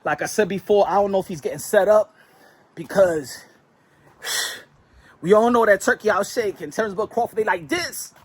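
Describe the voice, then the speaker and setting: Husky animated boxing commentator. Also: male voice, high voice, normal speed, long pauses. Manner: animated, slangy, joking. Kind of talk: casual boxing commentary vlog.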